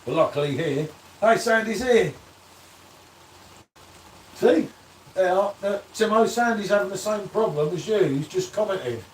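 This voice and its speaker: A man's voice: high-pitched, animated, a little slow, long pauses, a little hiss or hum. A man hosting a casual live beer-review stream, bantering and reading out viewer comments. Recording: echoey room, distant from the mic.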